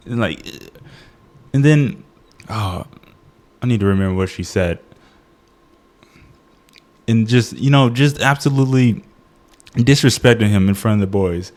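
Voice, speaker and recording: A man's voice: on the low side, moderate pace, pauses often, darkish tone. A man giving a casual, comedic movie review, ranting in exasperation, often laughing and restarting his sentences.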